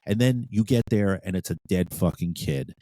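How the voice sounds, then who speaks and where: A man's voice: deep voice, expressive, normal speed, dark tone, dry recording. A man who was a police sergeant, co-hosting a podcast and telling blunt, profane stories about police work. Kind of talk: casual podcast chat.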